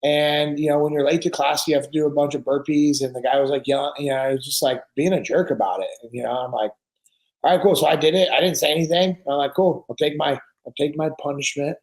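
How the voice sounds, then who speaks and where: A man's voice: on the high side, steady tone, quick pace, a little mellow, poor audio. A man in his forties, a podcast guest, telling stories in casual conversation and acting out the dialogue. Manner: storytelling, acting out quoted dialogue.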